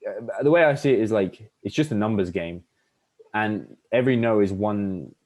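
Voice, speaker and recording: A man's voice: lowish voice, normal speed, darkish tone. A young man chatting casually on a podcast, rambling with lots of fillers and restarts. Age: young adult. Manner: rambling, many fillers and restarts, acts out pickup lines. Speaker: podcast host. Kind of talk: casual chat.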